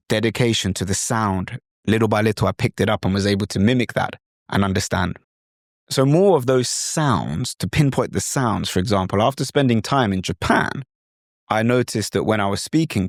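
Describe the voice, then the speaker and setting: A man's voice: on the low side, no room sound, clean studio sound. A man from Britain with a British accent, hosting a podcast as a language coach. He explains with enthusiasm and often slips into imitations of other accents. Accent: British English. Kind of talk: instructional talk.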